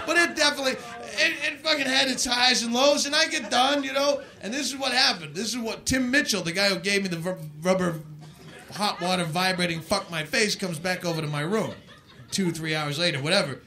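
A man performing a live stand-up set, telling crude stories in a rant and shouting his punchlines from a club stage. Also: high voice, fairly quick, vocal fry. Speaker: stand-up comedian. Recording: live club set with loud audience laughter.

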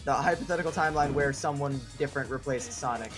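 A man's voice: medium pitch, quick pace. A young man chatting casually while racing through a video game, often trailing off and restarting his sentences. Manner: hesitant, many fillers and restarts. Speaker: gamer playing a speedrun race. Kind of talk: casual gaming chat. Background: game music.

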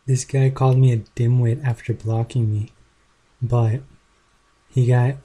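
A man with a dark, husky voice argues point by point against a critic. His tone is combative and mocking, and his pitch stays flat. It sounds like a talking-head rebuttal video. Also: a little slow. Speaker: video creator responding to a critic.

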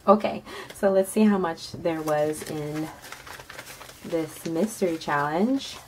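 A woman with a fairly low voice runs a casual budgeting vlog, murmuring numbers as she counts bills. Now and then she breaks into high, excited squeals. Traffic and passing bikes are clearly audible behind her. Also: slow pace, low-quality recording. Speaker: budgeting vlogger. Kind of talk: casual cash-stuffing vlog, counting money aloud. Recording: home recording with street noise behind. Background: passing bikes and street noise.

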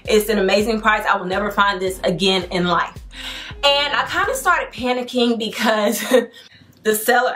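A young adult woman hosting a home decor vlog, telling a story to camera in an excited, chatty, slangy way. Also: medium pitch, normal speed, soft background music. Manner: excited, chatty and slangy, addresses viewers as y'all.

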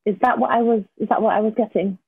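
A woman's voice: a little high, steady tone, quick pace, vocal fry, husky, no echo. Effusive woman host on a tinny line. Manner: effusive, many fillers. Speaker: event host. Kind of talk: hosting a poetry event. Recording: dry, phone-like line.

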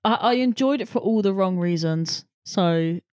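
A co-host on a casual film podcast, chatty and giggly, getting animated when quoting characters. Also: mid-range voice, moderate pace, clean tone, no echo, clean studio sound.

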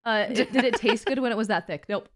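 A woman with a somewhat high voice hosts a livestream in casual chat. She jokes crudely and giggles often, playing at running a class. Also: fast. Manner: giggly, crude, playful teacher act. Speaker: streamer co-host.

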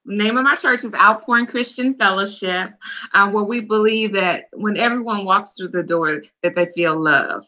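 A woman prophetess and co-pastor introduces herself in a bright, forceful voice. The audio is dull and lo-fi. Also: medium pitch, normal speed. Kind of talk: introducing herself on a ministry talk show.

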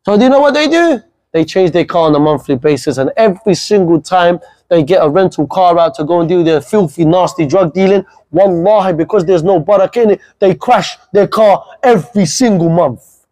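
A young man gives an impassioned religious talk to young people. He speaks bluntly and fiercely, with plenty of street slang. His voice sits noticeably high for a man. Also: fairly quick, mellow, rough recording. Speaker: guest speaker.

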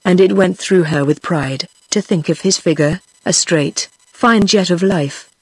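A text-to-speech woman's voice with a British English accent, reading a novel aloud in a steady synthetic tone that stays the same for every character. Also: on the low side, measured pace, husky, dry recording, rough recording. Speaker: audiobook narrator.

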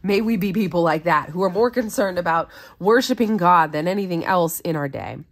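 A woman's voice: on the low side, animated, brisk. A woman who hosts a Bible study, reading scripture aloud and explaining it in an earnest, conversational way.

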